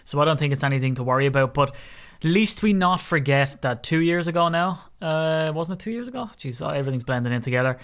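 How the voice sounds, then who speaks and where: Male co-host, lively and jokey, fairly high voice, casual sports chat. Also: fast talker. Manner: animated, joking, exaggerating with rising pitch. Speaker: podcast co-host.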